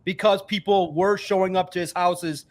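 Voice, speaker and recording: A high-voiced man in his forties rambles through a casual sports podcast chat, emphatic and swearing heavily, a little tipsy after a couple of beers. His intonation stays fairly even and he talks at a normal speed.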